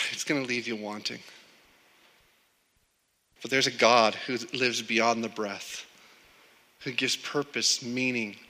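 A man's voice: mid-range voice, bright, forceful tone. A man preaching a sermon in a conversational way, often repeating words as he starts a sentence. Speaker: pastor. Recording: long hall reverb.

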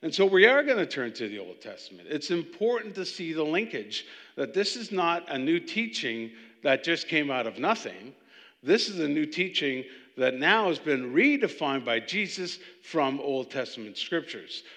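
A man teaching from the Bible in a conversational, animated way, often restarting his sentences. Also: fairly high pitch, moderate pace, long reverb tail. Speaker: preacher.

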